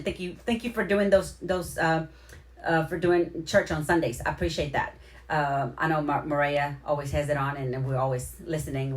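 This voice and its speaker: A woman hosting a casual livestream, giving effusive, rambling shout-outs and repeating her thanks to viewers. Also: sits low. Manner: heartfelt, near tears at moments. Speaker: livestream host.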